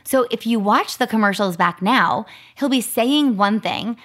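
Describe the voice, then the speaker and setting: A woman's voice: on the high side, expressive, a little slow. A woman in her thirties, co-hosting a podcast and telling a story in a chatty, casual way, full of "like.". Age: 30s. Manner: chatty, lots of "like" fillers. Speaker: podcast co-host.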